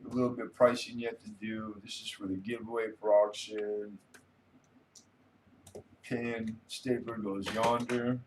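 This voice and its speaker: A man's voice: lowish voice, little pitch movement, unhurried, long pauses, darkish tone, slight background noise. A man hosting a casual late-night livestream, rambling easily and reading viewer comments aloud. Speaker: livestream host.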